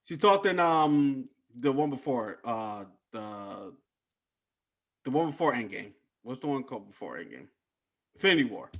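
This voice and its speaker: A man co-hosting a podcast in relaxed casual chat, often trailing off and searching for his words. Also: medium pitch, normal speed. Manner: relaxed, loses his train of thought, trails off softly. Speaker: podcast co-host.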